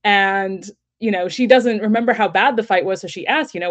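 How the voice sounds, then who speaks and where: A woman's voice: medium pitch, lively intonation, moderate pace, few pauses, lo-fi sound. A woman co-hosting a casual podcast, retelling events expressively with laughs and quoted lines. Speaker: podcast co-host. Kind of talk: casual chat.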